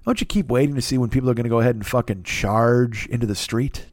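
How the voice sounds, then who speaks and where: A man's voice: mid-range voice, quick pace, no echo, clean studio sound. A middle-aged man hosting a comedy podcast, ranting casually in a sarcastic, profane and rambling way.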